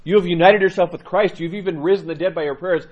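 A man's voice: high-pitched, fairly even intonation, fast, highs cut off, voice pushed up. A man voicing a group of astonished desert monks, asking pleading questions in a raised voice. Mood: incredulous.

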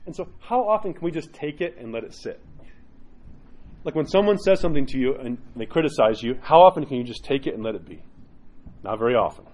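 A man who is a priest, preaching in a conversational, animated way, with many rhetorical "right?" asides and quoted inner voices acted out. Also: fairly quick. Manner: acts out quoted inner voices with sudden jumps in pitch. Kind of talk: sermon.

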